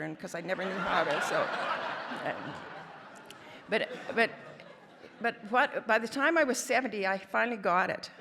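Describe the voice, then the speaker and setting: A woman's voice: mid-range voice, fairly bright tone, slight background noise. A woman in her seventies from Canada, giving a personal testimony as guest speaker, telling stories with wry, self-deprecating humor. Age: 70s. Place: large hall. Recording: long hall reverb.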